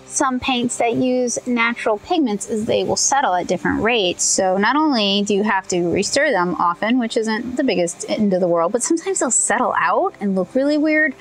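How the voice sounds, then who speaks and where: A young woman from Louisiana, chatting casually as she paints, thinking out loud and correcting herself as she goes. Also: mid-range voice, a little hiss or hum, rough recording. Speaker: comic artist testing paints.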